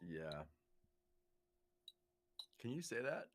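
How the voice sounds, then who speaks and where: A man's voice: mid-range voice, very animated, extremely slow, slight background noise. A young man co-hosting a casual comedy podcast, laid-back and joking crudely. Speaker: podcast co-host.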